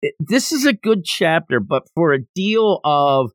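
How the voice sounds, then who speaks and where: A man's voice: fairly high pitch, big pitch swings, a little slow, no room sound. Chatty man recapping, dry close sound. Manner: chatty, recaps plot with quoted lines and wry jokes. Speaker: podcast host reviewing manga. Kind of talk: casual solo review chat.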